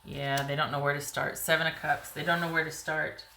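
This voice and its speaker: A woman giving a casual, rambling tarot reading to viewers, her voice getting a little hoarse. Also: sits low, flat delivery, a little fast, sharp tone, reverberant, a little hiss or hum. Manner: chatty, rambling, frequent "you know" and "like". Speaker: tarot reader.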